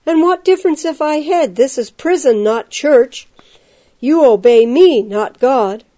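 Bullying prison guard yelling, loud and dragged out, pitched up high, woman reading it. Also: lively intonation. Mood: exasperated. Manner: barking, loud, drawn-out shouts. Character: angry shouting male prison guard, bullying.

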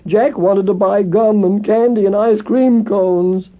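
A man voicing a sad little orphan boy in a storybook tale, high and tearful. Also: fairly even intonation, slow. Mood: sobbing. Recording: tinny phone-like with faint music.

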